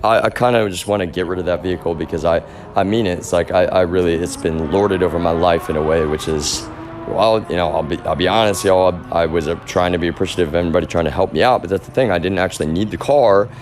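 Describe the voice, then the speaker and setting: Low-voiced man ranting on a livestream. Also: fast, background noise. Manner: rambling, agitated, heavy swearing; addresses viewers as "y'all". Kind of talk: livestream rant.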